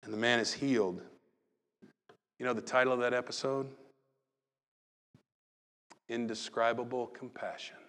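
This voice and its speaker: A pastor preaching a sermon, moving from loud acted-out calls to soft, hushed talk. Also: male voice, mid-range voice, steady tone, a little slow, pauses often, big-room sound.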